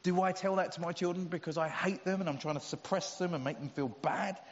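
A man's voice: high voice, a little fast. A middle-aged man preaching a sermon in a church, conversational and humorous, with emphatic stresses. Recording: dull sound with long hall reverb.

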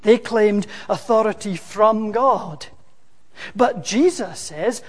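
A preacher delivering a sermon in an emphatic way, rising to loud, dramatic quotations. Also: mid-range voice, animated, slow pace, slightly rough. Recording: long hall reverb.

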